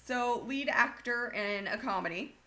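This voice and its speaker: Bright-voiced woman gushing through a list. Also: on the high side, measured pace. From Bakersfield, California. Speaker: podcast co-host. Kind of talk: casual chat.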